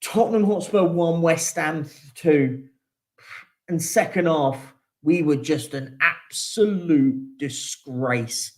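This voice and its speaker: A man's voice: on the high side, takes it slowly. A young man hosting a live football reaction show, venting his frustration in a repetitive, emphatic rant. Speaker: football fan channel host.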